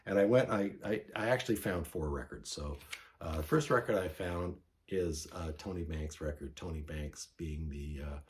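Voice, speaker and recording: A vinyl record collector vlogs casually in a low-sitting voice at normal speed, with slight background noise. He rambles through a show-and-tell of records he found, correcting himself along the way and clearly enthusiastic about his finds.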